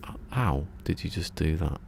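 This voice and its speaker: Male game streamer at a desk mic, deep gravelly voice, rambling self-talk. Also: animated, normal speed, a little hiss or hum. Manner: rambling, self-mocking, giggly. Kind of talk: casual live-stream chat while building.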